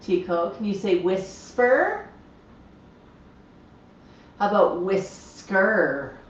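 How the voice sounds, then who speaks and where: Slow-talking woman in an echoey room. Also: mid-range voice, sing-song, a little hiss or hum. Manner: chatty, explains bird behavior while talking to her parrots. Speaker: livestream host with pet parrots. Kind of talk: casual livestream chat. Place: home room with parrots. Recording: echoey, slightly dull lo-fi sound.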